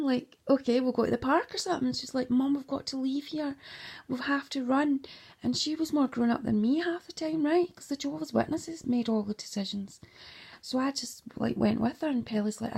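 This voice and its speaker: Husky, gravelly woman ranting and swearing. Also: on the high side. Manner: heavy swearing, agitated, emotional; drops into hushed whispery stretches. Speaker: mother. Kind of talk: rambling personal monologue.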